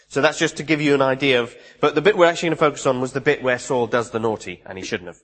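A man's voice: mid-range voice, very fast, fairly bright tone, in a large hall. A man preaching a sermon, reading scripture aloud and then explaining it in a conversational way, with restarts and asides.

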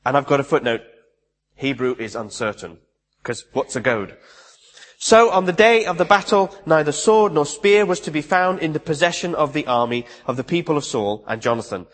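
A man's voice: medium pitch, long reverb tail. A man preaching a sermon, reading scripture aloud and then explaining it in a conversational way, with restarts and asides.

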